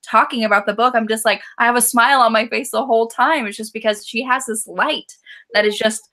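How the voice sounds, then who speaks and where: A young woman co-hosting a casual book club chat, with a bright, sharp voice pitched somewhat high. She sounds enthusiastic and giggly, leaning on lots of filler words. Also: fairly even intonation, brisk. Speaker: co-host.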